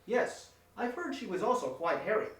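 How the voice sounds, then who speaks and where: A man voicing an earnest, literal-minded masked wrestler hero with a deadpan delivery. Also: sits high, moderate pace, exaggerated voice. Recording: echoey room, distant mic.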